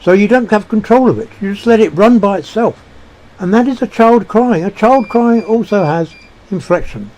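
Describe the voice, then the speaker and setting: Halting, mellow-voiced man musing aloud. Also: sits high, expressive. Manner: halting, searching for words, many restarts. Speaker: speaker sharing personal beliefs. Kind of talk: reflective monologue.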